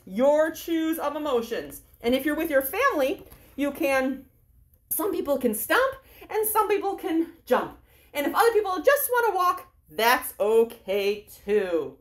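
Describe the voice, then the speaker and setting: A woman librarian leading children on a story walk along an outdoor park trail, playful and animated, acting out sounds as she walks. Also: sits high. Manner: animated, playful, talks to kids; acts out sounds and character lines. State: walking outdoors while talking. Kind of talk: guided story walk for kids.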